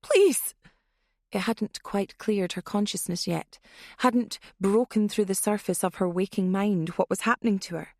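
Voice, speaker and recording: A woman reading a thriller audiobook in steady scripted narration. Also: medium pitch, moderate pace, dry recording, clean studio sound.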